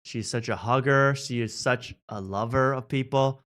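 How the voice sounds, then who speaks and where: A man's voice: medium pitch, normal speed, a bit bright. Jokey podcast guy roasting tv clips, sarcastic, plain mid voice. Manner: sarcastic, jokey, laughing often. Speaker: podcast host. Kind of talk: comedic reaction commentary.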